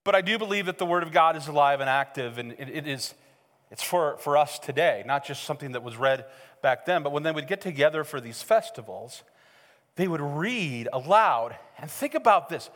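American male pastor, fairly high voice, chatty sermon that grows fired up, long church reverb. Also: moderate pace. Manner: conversational, building to excited preaching. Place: church sanctuary. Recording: long reverb of a large hall.

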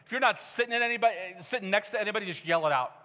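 Middle-aged guy preaching, highish voice, jokey and chatty, big echoey church. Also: animated, racing, pushed and bright. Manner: conversational, joking preacher. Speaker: pastor. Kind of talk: sermon. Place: church hall. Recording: reverberant church hall.

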